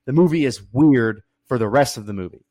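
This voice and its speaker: Male podcast co-host, average pitch, blunt profane takedowns, dry recording. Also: brisk, warm tone, dry recording. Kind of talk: casual movie review chat.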